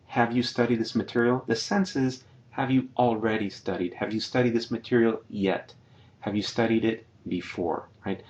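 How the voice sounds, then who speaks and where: A man's voice: fairly low pitch, normal speed, muffled recording. A man teaching a Spanish grammar lesson over slides, patiently explaining and repeating each example sentence. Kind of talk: slide-based grammar lecture.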